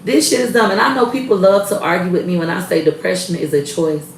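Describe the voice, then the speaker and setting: A woman in her thirties holds forth in a blunt, heated, profane rant with a low, gravelly edge to her voice. She sits a little back from the mic in an echoey room. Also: animated, fast talker, recorded from a distance, a little hiss or hum. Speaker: vlogger. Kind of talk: casual rant to camera.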